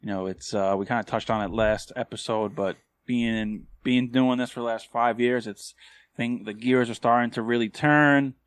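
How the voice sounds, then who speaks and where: A man's voice: medium pitch, fairly even intonation, moderate pace, smooth, dry recording. Laid-back, slangy man, dry close mic. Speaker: podcast co-host. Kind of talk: casual chat.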